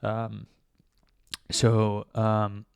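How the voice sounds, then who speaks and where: A man's voice: fairly low pitch, completely flat delivery, very slow, gravelly, darkish tone, clean tone, dry recording. A man vlogging a casual, reflective monologue, rambling with many fillers and restarts, sometimes talking to himself with self-mocking laughs.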